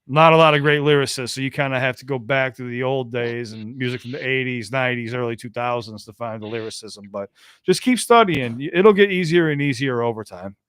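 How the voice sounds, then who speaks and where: An American man hosting a call-in podcast, talking casually and excitedly, often restarting his phrases. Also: mid-range voice, a little fast, clear, resonant tone, dry recording, clean studio sound. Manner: chatty, repeats himself and restarts phrases. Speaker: podcast host taking calls.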